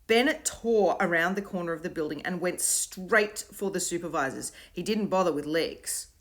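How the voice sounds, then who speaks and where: A woman narrating a children's storybook in an expressive, varied way. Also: lowish voice, normal speed. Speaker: audiobook reader.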